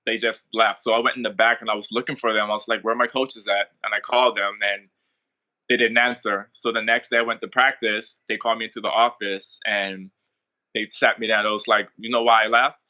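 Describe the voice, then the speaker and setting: A man's voice: lowish voice, brisk, muffled recording. A young man from the Bahamas, a fighter telling stories in a casual interview with lots of ums and likes. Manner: relaxed, rambling, many ums and likes. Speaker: MMA fighter, interview guest.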